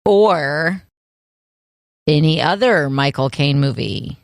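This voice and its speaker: A woman co-hosting a podcast in casual chat, playful and animated, laughing often. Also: low-pitched, slow pace, creaky, no room sound, studio quality. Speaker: podcast co-host.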